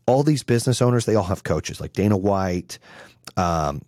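A man's voice: low voice, lively intonation, moderate pace, a little mellow, no echo, studio quality. Brash, profane motivational man in his forties. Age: 40s. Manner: brash, blunt and swearing. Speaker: business coach.

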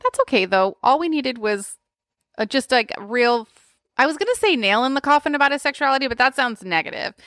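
A woman's voice: sits high, brisk, dry recording, studio quality. A woman co-hosting a podcast, animatedly recapping a show and acting out the characters' lines. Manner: animated storyteller, acts out quoted characters. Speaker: podcast co-host. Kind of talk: casual chat recapping a show.

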